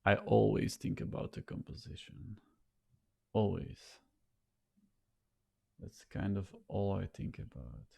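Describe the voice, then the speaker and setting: A man rambling to a camera set a little way off, thinking aloud in a halting, self-conscious way, with a nasal voice and many repeated words and restarts. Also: lowish voice, animated, creaky, mellow, slightly rough. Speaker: vlogger. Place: sitting in front of a camera.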